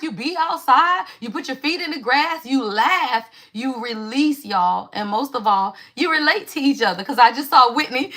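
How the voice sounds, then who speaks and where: Animated woman reading tarot cards. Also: high voice. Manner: chatty, repeats "y'all" constantly; animated call-and-response questions. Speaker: spiritual tarot reader. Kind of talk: casual tarot reading livestream.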